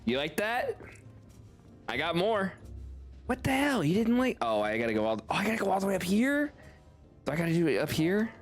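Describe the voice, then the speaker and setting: A male streamer gives loose, playful commentary while he plays, his voice swinging widely up and down as he laughs and jokes. He swears casually as he goes. Soft game music runs underneath. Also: high-pitched, sing-song, a little fast, long pauses.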